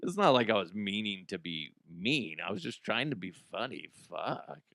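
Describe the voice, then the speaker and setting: A man who is a radio host, telling a casual comedic story, animated, swearing and laughing as he talks. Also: on the low side, normal speed, vocal fry, few pauses, dry recording, clean studio sound. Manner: animated, swearing, laughs often, slips into voices.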